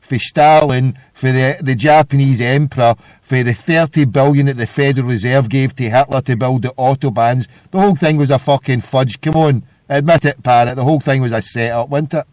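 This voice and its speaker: A man's voice: medium pitch, fairly even intonation, a little fast, few pauses, darkish tone, no room sound. A Scottish man hosts a late-night talk show in a combative, sweary rant. He keeps pressing his guest for answers, and his voice sits dry and close with no room around it. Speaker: podcast host. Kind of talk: casual podcast rant.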